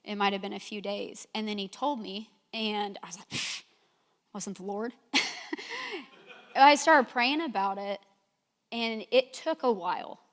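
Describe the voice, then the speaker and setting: In a church sanctuary full of long reverb, a middle-aged woman gives a sermon built on candid personal anecdotes, performing her own reactions. She has a medium pitch, a moderate pace, and a slightly bright sound.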